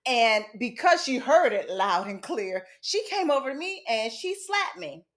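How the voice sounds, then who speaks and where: A woman's voice: high voice, very animated, unhurried, a bit bright. A woman host telling a candid personal story from her childhood, casual and frank, with some swearing. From United States. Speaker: podcast host.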